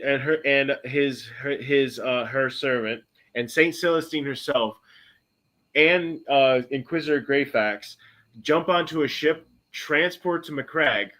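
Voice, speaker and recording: A man hosting a podcast, casually retelling a story in a rambling way, correcting himself often and breaking into bursts of excitement. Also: medium pitch. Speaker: podcast host.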